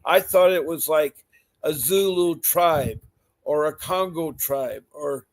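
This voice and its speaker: A man's voice: fairly high pitch, slow. A man hosting a call-in advice show, asking folksy questions and steering the conversation. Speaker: talk show host.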